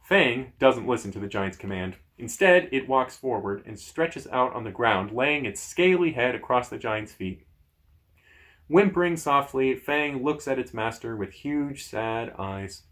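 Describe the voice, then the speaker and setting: A man hosting a gamebook playthrough, reading the story aloud in a lively way with casual asides to viewers. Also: medium pitch, measured pace. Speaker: host.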